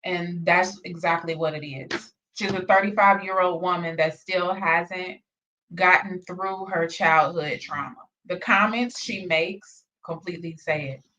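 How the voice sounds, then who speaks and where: A woman's voice: fairly low pitch, fairly even intonation, unhurried, bright, forceful tone, slight background noise. A woman hosting a reaction video, challenging and questioning in a repetitive way. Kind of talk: reaction commentary. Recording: dull sound, distant from mic.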